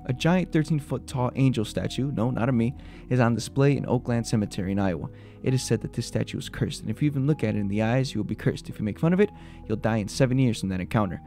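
Gravelly and medium in pitch, this man hosts a video of urban legends, talking fast and tossing joking asides into his spooky retellings. Soft music sits behind him.

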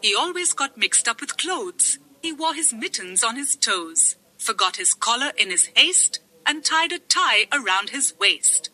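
A woman's voice: a little high, big pitch swings, a little slow, hardly any pauses, pushed and bright, poor audio. A woman reading a comic poem aloud in a sing-song recitation. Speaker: poem reader.

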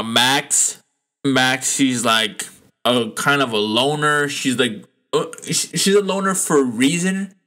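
A man hosting a casual solo podcast, rambling loosely with lots of fillers, restarts and swearing, and getting animated when he is indignant. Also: mid-range voice. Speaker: podcast host.

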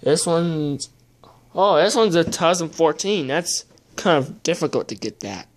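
A young adult talks slowly and unhurriedly through a pack-opening video, mumbling half to themself. Frustration keeps spilling out as swearing between remarks about each card. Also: medium pitch, animated. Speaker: video host opening trading card packs. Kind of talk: casual unboxing commentary.

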